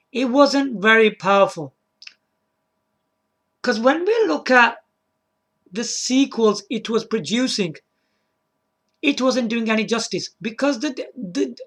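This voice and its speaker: A man's voice: extremely high pitch, a bit bright. A man casually talking through a solo video, rambling, repeating words and checking in with the viewer. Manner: chuckles to himself and apologizes. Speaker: video game vlogger.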